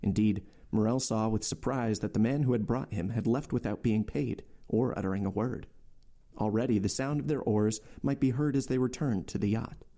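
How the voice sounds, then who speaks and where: A man reading a novel aloud for a podcast in a measured, steady storytelling voice. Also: on the low side. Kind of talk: audiobook narration.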